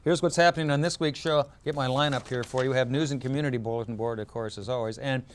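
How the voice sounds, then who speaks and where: A man hosting a community news show, reading stories in a relaxed, joking way with fillers and self-corrections, and losing his voice. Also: mid-range voice, fast talker, slight background noise.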